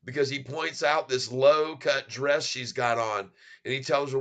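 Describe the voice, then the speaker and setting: Bright-voiced man, excitable and rambling. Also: mid-range voice, moderate pace. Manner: excitable, rambling, laughs often. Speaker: stock market channel host. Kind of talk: casual video commentary.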